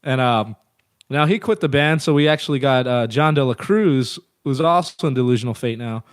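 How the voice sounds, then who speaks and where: A man's voice: medium pitch, normal speed, clean tone, no echo, studio quality. A man in his thirties telling band stories in a casual, profane, rambling way as an interview guest. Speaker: guest musician.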